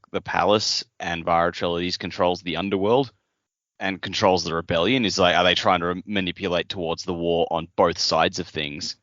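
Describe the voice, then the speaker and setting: Really deep guy but bright edgy tone, theorizing on a podcast, dry audio. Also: no echo, highs cut off. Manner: thinks aloud, theorizing. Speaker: podcast co-host. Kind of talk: casual chat.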